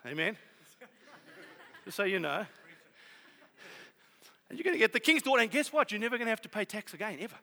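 A man preaching a sermon, telling a story with lively swings from loud to hushed. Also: sits high, fairly quick, vocal fry, pauses often. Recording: long hall reverb.

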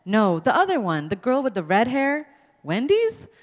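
Kindly father figure, read by a woman, amused anecdotal telling, lively pitch, hall echo. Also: normal speed. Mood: storytelling. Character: gentle immigrant father, fond storyteller. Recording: long hall reverb.

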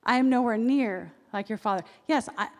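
A woman's voice: a little high, normal speed. Woman preaching in an echoing hall. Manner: animated, acts out quoted voices. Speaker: pastor. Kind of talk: sermon. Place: church sanctuary. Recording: long reverb of a large hall.

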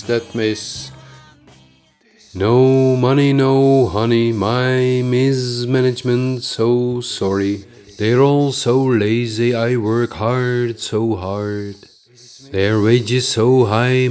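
A man's voice: medium pitch, a little mellow. A man playing a tired, self-pitying, bullying male manager with a Dutch accent, chanting short repetitive rhyming lines.

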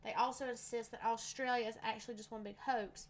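Giggly young woman, slightly high voice. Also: fairly even intonation, a little fast. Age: 20s. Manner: giggly, wry asides. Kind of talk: casual chat, reading from a website.

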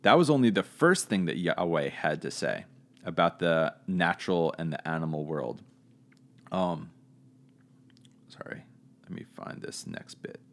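A man's voice: deep voice, lively intonation, a little slow, long pauses, a bit bright. A man giving a casual Bible lesson. He talks in a conversational, searching way, hedging and correcting himself as he goes. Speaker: Bible teacher.

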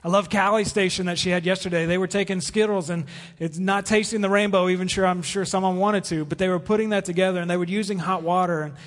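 A man preaches in an earnest, paused way. His voice sits fairly high for a man. The sound carries the long reverb of a church sanctuary. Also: fairly even intonation. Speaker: pastor. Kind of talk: sermon.

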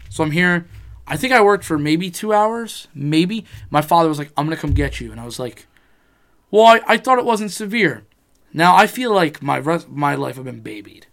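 Guy chatting casually, slightly high voice, rambles through a story and acts out the dialogue. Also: lively intonation, moderate pace, gravelly, fairly bright tone. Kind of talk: casual chat.

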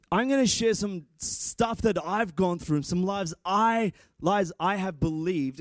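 A man's voice: fairly high pitch, a little mellow, no room sound, studio quality. A man preaching a sermon and telling a self-mocking personal story. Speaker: pastor.

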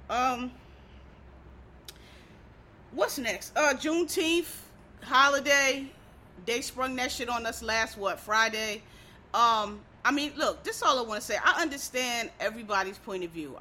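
A woman's voice: medium pitch, sharp tone. A woman from Philadelphia in a casual, profane monologue, ranting bluntly as a podcast host.

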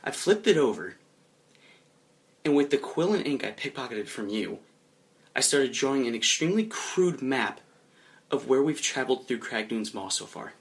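Lively young man narrating a role-play. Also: mid-range voice. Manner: animated, chuckling, drops into quick voiced asides. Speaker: player narrating his character's actions.

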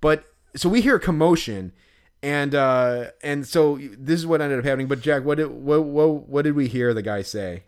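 A man's voice: on the high side, moderate pace, smooth. Rambling man telling a story. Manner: rambling, many fillers and restarts, acts out quotes loudly. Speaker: podcast co-host. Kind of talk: casual storytelling chat.

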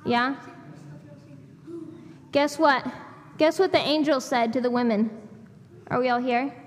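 A high-voiced woman leads a children's sermon in a church sanctuary, pausing to question the kids. She speaks slowly, and a long hall reverb trails her words with a faint hum underneath. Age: adult. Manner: animated, asks the children questions. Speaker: children's minister.

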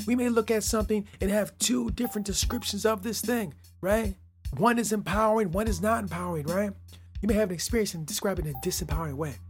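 A man hosting a motivational podcast, talking straight to the listener, often tagging lines with "right?" and swinging from loud emphasis to quiet asides. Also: high-pitched, slightly rough. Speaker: podcast host.

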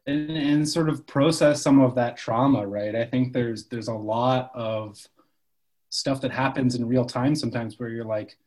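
Man from Canada, relaxed podcast guest; loose, profane, filler-heavy delivery. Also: mid-range voice, measured pace, rough recording. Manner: loose, swears freely, lots of "like" and "sort of". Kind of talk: casual podcast chat.

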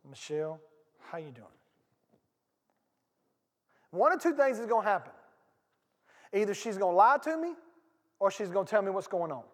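A man preaching a sermon as pastor, talking conversationally, swinging from loud bursts to hushed asides and repeating phrases for emphasis. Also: high voice, lively intonation, brisk, pauses often, long reverb tail. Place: church sanctuary.

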